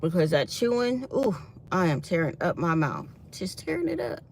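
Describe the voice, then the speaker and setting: A woman's voice: lowish voice, very animated, normal speed, gravelly, a little hiss or hum. A woman chatting casually to her viewers, animatedly retelling her day. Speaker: vlogger.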